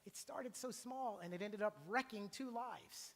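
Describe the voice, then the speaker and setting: A middle-aged man preaching a sermon in a church, animated and acting out the voices he quotes. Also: sits high, a little slow, gravelly. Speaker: pastor. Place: church sanctuary. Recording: long church reverb.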